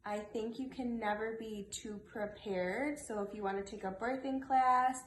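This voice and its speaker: A woman's voice: fairly high pitch, steady tone, moderate pace, slight background noise. Encouraging woman in an echoey room. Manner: encouraging, practical. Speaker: mother giving advice. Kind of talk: advice to viewers.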